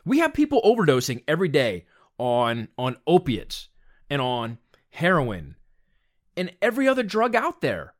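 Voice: mid-range voice, huge pitch swings, moderate pace. Blunt, exasperated ranting commentator. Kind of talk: opinion rant monologue.

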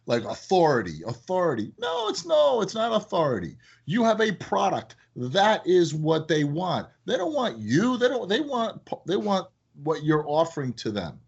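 A man with a husky, slightly breathy voice, chatting in a casual podcast interview about running his business. His pitch swings widely as he tells animated stories and acts out phone calls. The sound is a little dull and muffled. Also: normal speed, hardly any pauses. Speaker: business owner, guest.

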